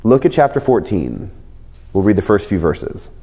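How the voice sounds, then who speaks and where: A man gives conversational Bible teaching in a mellow voice that rises and falls with lively emphasis. He explains with everyday examples, and his words ring out with a long hall reverb. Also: fairly low pitch, moderate pace.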